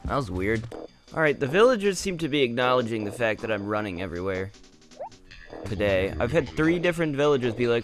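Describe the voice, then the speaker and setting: A man's voice: medium pitch, sing-song, a little fast, over music. A young man giving casual commentary on his gameplay in a chatty, jokingly exasperated way. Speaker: gaming video creator.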